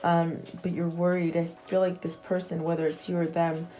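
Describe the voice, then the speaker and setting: Mellow-voiced woman giving a tarot reading. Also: lowish voice, completely flat delivery, moderate pace, rough recording. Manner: soft, meandering, many fillers and restarts. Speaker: tarot reader. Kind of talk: casual tarot reading to camera.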